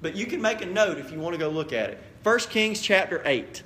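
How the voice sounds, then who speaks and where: A man preaching as the pastor of a church, earnest and direct, dropping quiet then building to emphatic appeals. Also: high-pitched, lively intonation, a little fast. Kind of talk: sermon. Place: church sanctuary.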